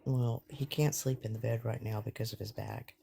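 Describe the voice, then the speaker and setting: A woman joining a live stream chat, explaining quickly in short asides. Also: rumbling low, steady tone, vocal fry, warm tone. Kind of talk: casual chat.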